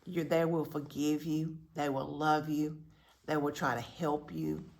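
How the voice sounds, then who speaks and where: A woman reading a picture book aloud to children in a slow, expressive storytelling manner with friendly asides. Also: deep voice, creaky, roomy sound.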